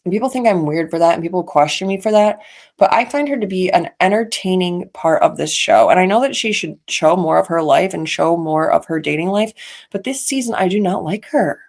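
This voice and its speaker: A woman's voice: fairly low pitch, lively intonation, brisk, a little mellow. Chatty opinionated woman podcast host. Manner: opinionated, chatty, petty asides. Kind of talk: casual reality-TV gossip commentary. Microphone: podcast mic.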